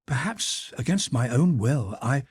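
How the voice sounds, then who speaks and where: A man voicing an emotional young noblewoman, breathy and pleading, in an audiobook. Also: mid-range voice, measured pace, dry recording, voice pushed up. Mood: excited. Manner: lifted, pleading, excitable delivery. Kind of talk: audiobook character voice.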